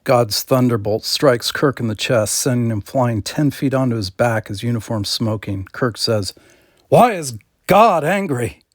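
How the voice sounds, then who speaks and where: A man reading screenplay stage directions aloud in a plain, steady manner. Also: medium pitch, normal speed, hardly any pauses, no room sound, clean studio sound. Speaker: script reader.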